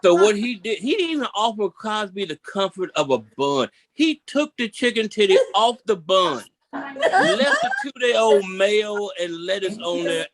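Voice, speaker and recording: A Memphis, Tennessee man does stand-up comedy from a seat, telling stories animatedly and repeating his punchlines for emphasis. His voice sits high.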